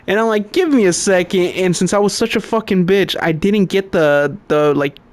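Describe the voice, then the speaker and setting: A man's voice: high-pitched, moderate pace. Profane young man telling a story. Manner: profane, storytelling, laughs often. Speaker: podcast co-host. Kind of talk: casual chat.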